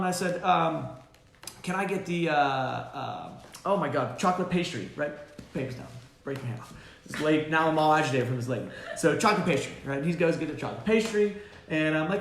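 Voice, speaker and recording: Animated man telling stories. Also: fairly high pitch, quick pace. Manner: animated storyteller, many fillers and restarts. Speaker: dog trainer and show host. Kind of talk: casual live Q&A chat. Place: boarding kennel room. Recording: roomy kennel room.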